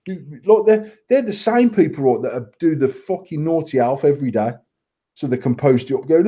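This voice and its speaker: A sweary man in his thirties from England rants and mocks on a casual home podcast. His voice sits a little high but sounds dark and mellow. The recording is dull and lo-fi. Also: lively intonation, a little fast. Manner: sweary, ranting, mocking. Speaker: podcast co-host. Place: living room at home.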